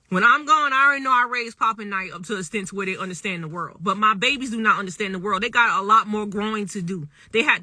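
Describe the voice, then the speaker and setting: A woman in her thirties speaks straight into her phone on a live stream. Her voice is very bright and cutting, and she talks in an emphatic, repetitive way, often checking in with her listeners. The sound is dry and close, with no room around it. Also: on the high side, dry recording. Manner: emphatic and repetitive, often asks "you know what I'm saying". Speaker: livestream host talking to viewers. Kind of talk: casual livestream monologue.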